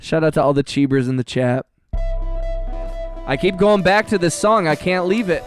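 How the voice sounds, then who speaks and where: A man hosting a music production livestream, chatting casually in an upbeat, rambling way, giving quick shout-outs and restarting his sentences. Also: fairly high pitch, animated. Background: his own beat playing.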